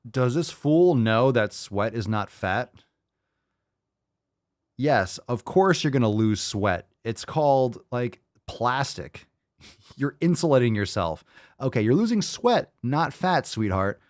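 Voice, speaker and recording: A podcast host reacting to videos with sarcastic, profane commentary and mocking asides. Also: male voice, mid-range voice, expressive, slow pace, darkish tone, no room sound, clean studio sound.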